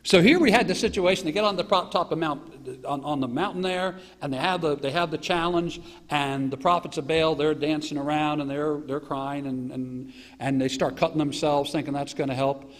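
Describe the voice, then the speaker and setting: Lively American pastor in a reverberant church. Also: male voice, a little high, normal speed. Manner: animated storytelling, mocking asides and acted quotes. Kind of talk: sermon. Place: church sanctuary. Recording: live church stream with long hall reverb.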